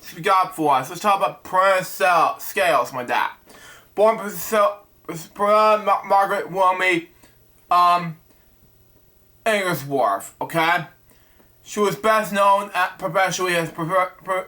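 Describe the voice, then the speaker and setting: A man's voice: sits high, pushed and bright. Stumbling man reading out show topics. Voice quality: stumbles over names. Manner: halting reading with many restarts and fillers. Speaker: web show host.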